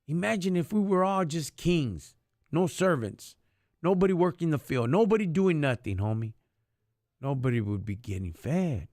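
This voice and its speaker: A man's voice: on the high side, expressive, moderate pace, a little mellow, no echo, studio quality. A man giving an impassioned faith talk on a live stream, preachy, in street slang, dropping in Spanish words. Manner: preachy, street slang, calls listeners homie and dog.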